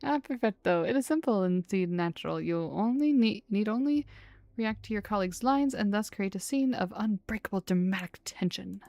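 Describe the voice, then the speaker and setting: A woman's voice: mid-range voice, expressive, fairly quick, warm tone, no room sound, lightly acted. A woman voicing a pompous male theater director who speaks in a grand, theatrical way with showy Italian flourishes.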